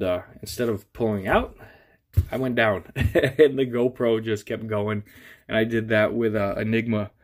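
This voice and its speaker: A man with a stuffy nose giving a casual, rambling update on his drone gear, full of fillers and restarts. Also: lowish voice. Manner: rambling, filler-heavy, restarts mid-sentence. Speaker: FPV drone hobbyist vlogger.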